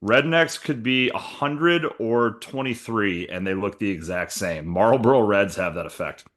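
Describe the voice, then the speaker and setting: A man co-hosting a podcast in casual, animated chat, joking and swearing freely. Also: on the low side, unhurried. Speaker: podcast co-host.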